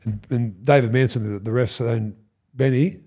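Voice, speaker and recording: A man's voice: medium pitch, moderate pace. A man in his fifties with an Australian accent tells stories on a podcast. He acts out what other people said and swears freely in casual chat. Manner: animated storyteller who acts out quotes, swears and laughs. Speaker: podcast guest, former rugby league player.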